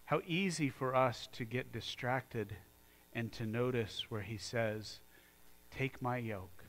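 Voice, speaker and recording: A man preaching a sermon as pastor, moving from quiet, earnest talk to loud, fired-up exhortation. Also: mid-range voice, lively intonation, slow.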